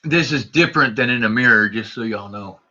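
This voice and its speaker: A man hosts a casual livestream, talking straight to his viewers in a nervous, joking way. His voice is very bright and sharp-edged. The audio is dull and lo-fi. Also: medium pitch, fairly quick. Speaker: livestream host.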